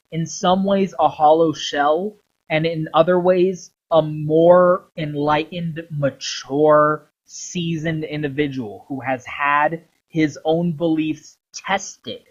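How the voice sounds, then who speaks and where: A man retelling a game story in a long, animated ramble full of swearing, on a dull lo-fi recording. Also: a little high. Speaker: video creator.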